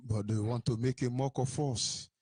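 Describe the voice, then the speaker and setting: A man's voice: mid-range voice, fairly even intonation, normal speed, mellow. A man hosting a radio call-in show, making brief, indignant interjections. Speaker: radio host.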